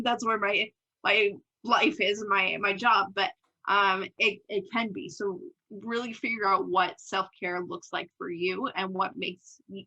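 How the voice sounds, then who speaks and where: A young woman with a bright, forceful voice talks openly as a podcast guest. She laughs easily and slips into little acted quotes of her own past thoughts, in relaxed, candid conversation. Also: mid-range voice, lo-fi sound. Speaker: podcast guest, business owner. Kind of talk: casual interview chat.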